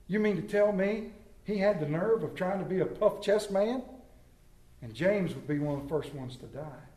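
A man's voice: high-pitched, darkish tone. A man from Maryland preaching a sermon as pastor, telling stories with self-mocking humor. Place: church sanctuary. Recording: echoey church room.

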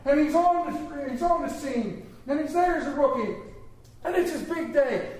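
A man's voice: very high-pitched, normal speed, darkish tone, reverberant. A man preaching a sermon, telling stories with humor and calling for responses. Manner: storytelling with humor, call and response. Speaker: pastor.

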